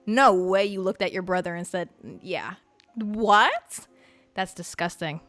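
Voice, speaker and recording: A woman hosting a podcast in casual chat, brash and excitable, swearing freely. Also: medium pitch, a little slow, no echo. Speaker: podcast host.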